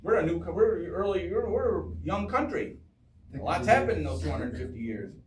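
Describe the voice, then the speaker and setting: A man gives a lively, joking history talk, quizzing his audience in a fairly high voice. He is recorded from far off in an echoey town hall. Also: normal speed, a little hiss or hum. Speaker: history speaker. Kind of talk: informal public history talk.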